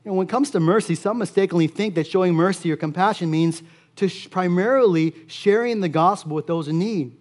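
A man preaching a sermon as pastor, earnest and steady, repeating key phrases for emphasis. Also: high voice, brisk.

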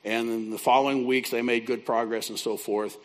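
A man's voice: medium pitch, steady tone, fairly quick. A man who works as a biblical counselor, teaching a class by telling a folksy, conversational story. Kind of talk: teaching through a told story.

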